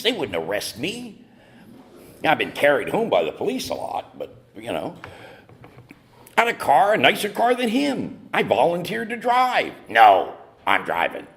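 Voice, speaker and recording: A man from North Carolina with a deep, low voice spins a comic personal story for a meeting. His pitch leaps and falls expressively, and his delivery is wry and mock-indignant. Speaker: speaker at AA meeting.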